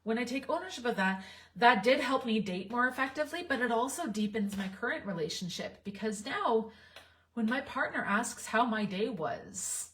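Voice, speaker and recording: A woman in her thirties or forties, a relationship coach speaking candidly to camera in a heartfelt, reflective way with soft laughs. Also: fairly high pitch, expressive, moderate pace, far from the mic.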